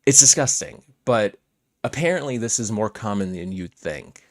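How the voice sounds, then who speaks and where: A man's voice: on the low side, animated, moderate pace, no echo, clean studio sound. A young man giving blunt, casual reaction commentary, swearing freely in a conversational way. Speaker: commentary channel host.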